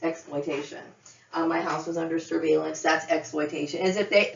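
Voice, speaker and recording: Agitated woman ranting in an echoey room. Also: fairly low pitch. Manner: agitated, repetitive, keeps asking "okay?". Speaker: vlogger. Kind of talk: emotional monologue rant. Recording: dull, echoey room, mic far off.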